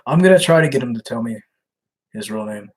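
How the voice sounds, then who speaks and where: Man, live stream host, husky voice, casual, chuckling, reads chat aloud. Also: medium pitch, lively intonation, a little fast, low-quality recording. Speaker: livestream host baiting scammers.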